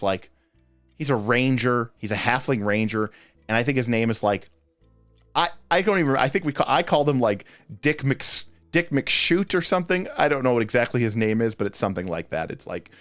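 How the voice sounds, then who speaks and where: A livestream host with a medium-pitched, slightly bright voice answers game master questions in a loose, chatty ramble, often breaking off mid-thought. The audio has no echo.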